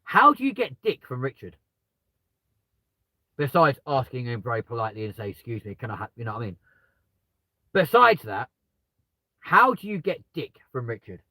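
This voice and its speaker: A man's voice: medium pitch, big pitch swings, moderate pace, long pauses, pushed and bright, no room sound, poor audio. A British man chatting live from his car, joking and laughing at himself. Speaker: live streamer. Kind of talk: casual live-stream chat. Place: in a car with the window open.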